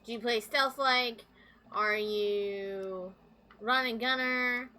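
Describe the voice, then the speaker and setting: A woman's voice: on the high side, fairly even intonation, takes it slowly, sharp tone, clean tone. A woman streaming a video game live, rambling to her chat with lots of fillers. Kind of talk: live gameplay commentary.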